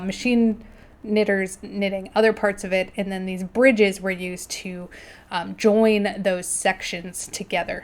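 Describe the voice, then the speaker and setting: A woman hosting her knitting video at home, chatting casually and laughing often as she shows her work. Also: mid-range voice. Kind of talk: casual chat. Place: indoors at home.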